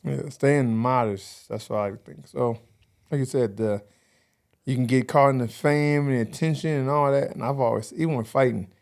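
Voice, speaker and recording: A man in his thirties, a podcast guest in casual conversation, telling animated stories and acting out quoted dialogue. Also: medium pitch, moderate pace, gravelly. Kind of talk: casual interview chat.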